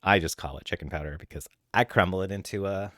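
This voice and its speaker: A man's voice: sits low, fast talker, a bit bright, no room sound, clean studio sound. A man streaming live from home late at night, chatting with viewers in an easygoing storytelling way. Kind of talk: casual chat with viewers.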